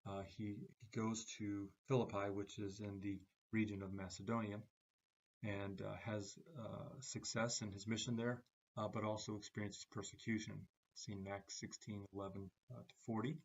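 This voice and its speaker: A man giving a recorded class lecture, speaking haltingly with many "uh" fillers between phrases. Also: lowish voice, flat delivery, lo-fi sound.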